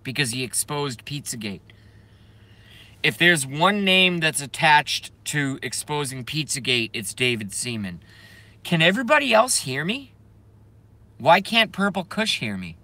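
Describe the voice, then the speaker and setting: A man's voice: on the high side, very animated, bright, forceful tone. A man on a casual live stream, rambling and swearing, reading chat aloud and laughing often, with many trailing filler sounds. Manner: self-interrupting, drawn-out filler sounds.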